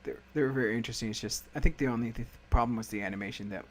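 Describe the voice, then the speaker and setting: A man's voice: mid-range voice, very fast. A man hosting a casual anime review chat, talking loosely and laughing often. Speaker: podcast host.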